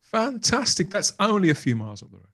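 A middle-aged man with a Birmingham accent, a guest on a podcast, chatting in an animated, jokey way. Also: high-pitched, quick pace, slightly rough. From England. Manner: animated, jokey, laughs easily. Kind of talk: casual chat.

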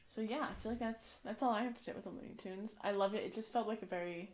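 A woman co-hosting a podcast in casual chat, playful and quick to laugh. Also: medium pitch, a little mellow. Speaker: podcast co-host.

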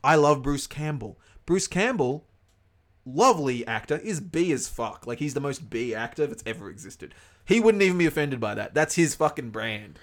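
A man's voice: mid-range voice, lively intonation, normal speed. A man co-hosting a casual podcast, swearing constantly and spinning off into comic rants. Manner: profane, ranting comic tangents. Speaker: podcast co-host.

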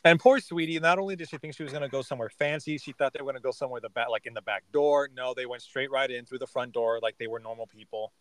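A man's voice: medium pitch, quick pace, hardly any pauses, fairly bright tone, no room sound, low-quality recording. A man co-hosting a casual podcast recap, chatty and playful, laughing often. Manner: chatty, giggly, playful asides. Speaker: podcast co-host.

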